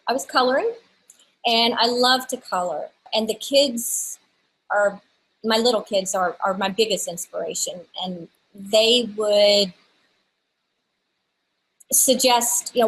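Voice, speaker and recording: A woman's voice: mid-range voice, slow pace, long pauses, fairly bright tone, rough recording. A woman in her thirties chatting casually as an interview guest, telling a story with lots of restarts. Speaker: guest, stamp designer.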